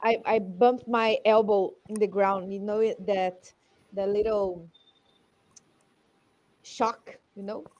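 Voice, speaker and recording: A woman whose first language is Portuguese, playing a tabletop game in English, talking haltingly as she searches for words. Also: medium pitch, steady tone, a little mellow, muffled recording. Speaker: player. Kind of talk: casual game talk.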